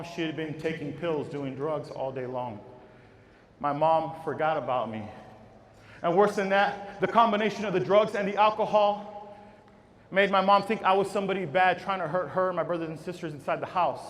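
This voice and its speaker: High-voiced motivational speaker. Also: male voice. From Texas. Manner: call-and-response, shouting chants to the crowd; storytelling, dropping to a hushed voice. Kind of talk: keynote speech to educators. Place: large auditorium. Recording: reverberant hall with audience.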